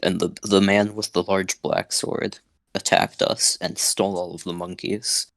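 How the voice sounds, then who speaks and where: A young man with a deep voice, joking dryly with the other players at a tabletop game. His voice sounds close and dry, with no room echo. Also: level tone, measured pace, gravelly, a bit bright. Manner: dry, teasing.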